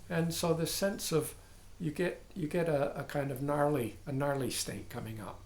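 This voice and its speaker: An older man, a dharma teacher, giving a contemplative talk in halting, searching phrases with frequent asides. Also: fairly high pitch, darkish tone, reverberant.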